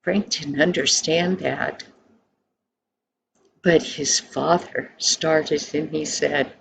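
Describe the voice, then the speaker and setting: An older woman narrating a storybook tale in a soft, hushed, unhurried way. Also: sits low, fairly even intonation, creaky, a little hiss or hum, low-quality recording.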